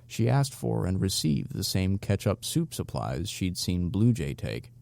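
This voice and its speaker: Deep gravelly male narrator. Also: sing-song, measured pace, darkish tone, no echo. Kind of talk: audiobook narration.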